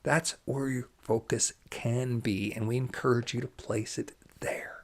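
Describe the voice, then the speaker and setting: A man giving an animated, emphatic channeled spiritual talk, now and then dropping to hushed asides. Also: medium pitch, a little slow.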